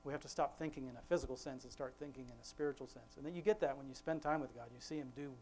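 A man's voice: medium pitch, steady tone, a little mellow, slight background noise. Rambling man giving an informal devotional talk. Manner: rambling and conversational, with frequent restarts; quotes scripture in a slowed, emphatic voice. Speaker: father leading a family devotion.

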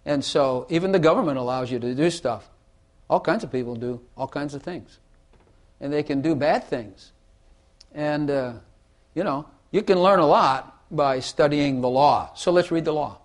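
A man's voice: a little high, normal speed. Emphatic man teaching the Bible. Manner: emphatic, repeats phrases for effect; plays with vocal inflection to make points. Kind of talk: casual Bible teaching chat.

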